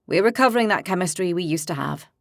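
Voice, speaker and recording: A woman voicing a good-natured, steady young male warrior with calm, warm, reassuring speech. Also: fairly low pitch, fast, vocal fry, no room sound, studio quality.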